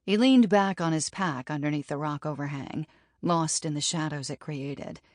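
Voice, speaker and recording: A woman narrating an audiobook in a steady, even reading. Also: low voice, moderate pace, no echo. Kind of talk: scripted narration. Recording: dry studio audiobook.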